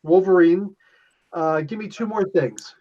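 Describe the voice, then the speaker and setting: A man's voice: high voice, measured pace, a little hiss or hum. Man running a tabletop game, lo-fi. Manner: loose, laughing, rule-explaining. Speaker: game master. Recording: dull lo-fi sound.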